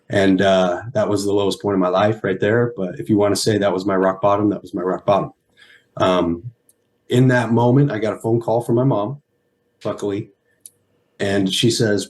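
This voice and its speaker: A man in his thirties speaks as an interview guest, his voice on the low side. He tells his story earnestly, stopping and restarting, and sounds near tears. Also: steady tone, moderate pace. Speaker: guest, former pro football player. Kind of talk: emotional personal story.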